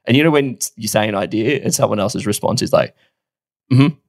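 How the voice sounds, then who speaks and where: A man, co-hosting a podcast and telling a story in a casual, animated way, swearing now and then and laughing often. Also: fairly low pitch, fast talker, gravelly, dry recording, clean studio sound. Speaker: podcast co-host.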